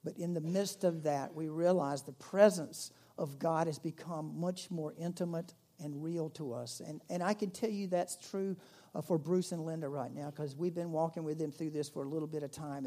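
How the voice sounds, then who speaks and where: A male pastor preaching a conversational sermon to his church, growing animated when he stresses a point. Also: fairly high pitch, normal speed. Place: church in Myrtle Beach.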